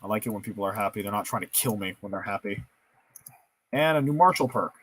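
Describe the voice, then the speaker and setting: This male streamer talks fast in a lowish, expressive voice that's a bit bright with a breathy edge. Making decisions in a strategy game, he reasons out loud during laid-back let's-play commentary and cracks jokes at his own expense, keeping it playful and self-deprecating.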